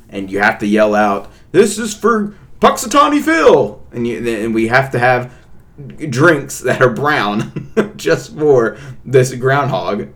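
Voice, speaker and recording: A young man co-hosting a casual podcast with his partner, ranting playfully and getting loudly worked up. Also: medium pitch. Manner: playful ranting, animated outbursts. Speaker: podcast co-host. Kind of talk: casual chat.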